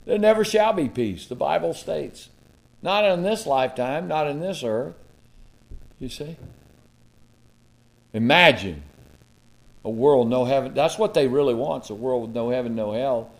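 A man preaching a sermon, reading King James scripture with dramatic swings from loud to hushed and breaking into folksy asides with chuckles. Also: medium pitch, measured pace, creaky, long pauses.

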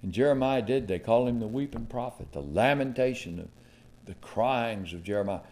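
A man delivers a sermon, reading King James scripture in a mid-range voice at a moderate pace. He swings dramatically between loud and hushed, slipping into folksy asides with chuckles.

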